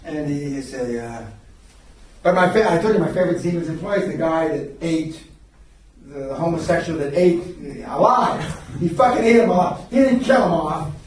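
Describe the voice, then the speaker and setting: An older man, a seminar speaker and mentor, tells rambling stories in a blunt, profane way during a lecture in a seminar room. His voice is on the high side at a moderate pace, recorded from far off in an echoey room with a little hiss or hum.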